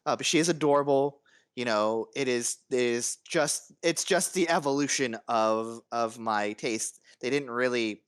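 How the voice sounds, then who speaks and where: A man co-hosting a casual podcast chat, talking in a halting way full of fillers and restarts, with casual swearing. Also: mid-range voice, clean tone, no echo, clean studio sound. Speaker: podcast co-host.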